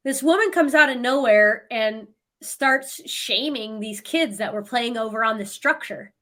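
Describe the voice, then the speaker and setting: Brief: middle-aged woman guest, animated storyteller, bright tone. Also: fairly high pitch, measured pace. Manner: animated storytelling with frequent laughs. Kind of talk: casual podcast conversation.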